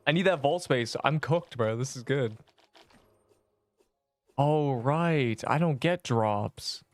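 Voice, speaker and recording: Here a young man talks at an unhurried pace in a medium pitch. It's casual livestream banter during gameplay, full of jokes for his audience and theatrical fake outbursts.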